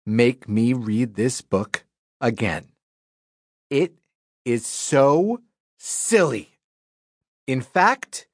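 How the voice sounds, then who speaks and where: A woman reading a children's book aloud, doing silly exaggerated voices that swing from deadpan to squealing, in a recording studio. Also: a bass voice, extremely slow, long pauses, no room sound. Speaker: audiobook reader. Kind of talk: playful children's audiobook reading. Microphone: studio microphone.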